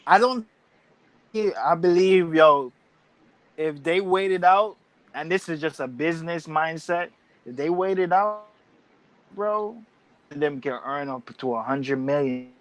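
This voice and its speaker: A man in a barbershop debate, excitable and animated. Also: on the high side, unhurried, pauses often, no echo. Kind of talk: casual debate chat.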